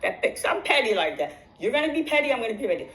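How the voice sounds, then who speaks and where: A woman's voice: on the high side, big pitch swings, very fast, a bit bright, low-quality recording. Emphatic woman retelling a dispute. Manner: repetitive, emphatic, restarts phrases. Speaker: vlogger. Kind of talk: casual storytelling to viewers.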